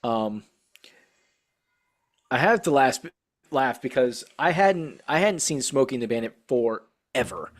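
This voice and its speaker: A man's voice: medium pitch, expressive, a little slow, pauses often. Laid-back middle-aged man chatting. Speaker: podcast co-host. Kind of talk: casual chat.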